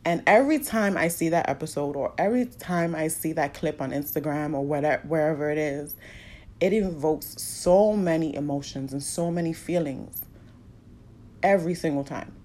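A woman's voice: sits low, normal speed, a little mellow. A woman openly telling a personal story, emotional and fighting back tears. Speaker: podcast host sharing a personal story.

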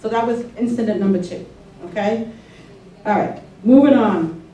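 A woman's voice: mid-range voice, normal speed, mellow. A woman telling a personal story to an audience in a conversational way, often checking in with her listeners. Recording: echoey room from far off, faint noise.

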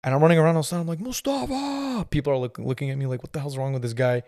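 Talking very fast with a warm, steady tone at medium pitch, a thirty-something male podcast host laughs his way through a rambling anecdote full of fillers. The sound is clean studio audio with no room sound.

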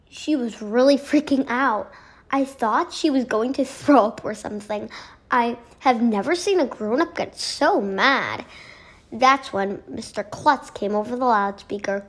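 Woman reading a kids' book aloud, high voice, slow and careful, little stumbles. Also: slightly rough.

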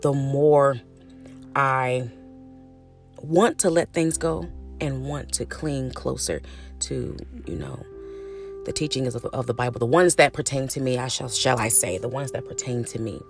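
A middle-aged Californian woman hosts her own podcast solo, her low, rumbling voice moving a little slowly with long pauses over soft background music. She talks frankly and casually, swearing freely and calling her listeners honey and baby in a chatty monologue.

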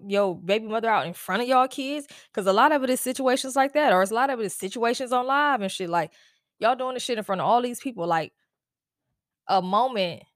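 A woman's voice: on the high side, dry recording, clean studio sound. Blunt, exasperated woman podcast host. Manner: blunt, exasperated, profane, with frequent "like" fillers. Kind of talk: casual solo podcast rant.

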